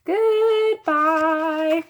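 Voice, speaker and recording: A woman's voice: on the high side, very animated, measured pace. A woman voicing a cheeky preschool boy in a sugary, sing-song pleading voice. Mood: singsong.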